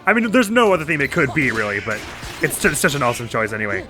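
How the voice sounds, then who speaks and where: A man's voice: mid-range voice, big pitch swings, fast, over music. A man hosting a let's play, chatting playfully over the game and making goofy sound effects. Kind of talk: gameplay commentary.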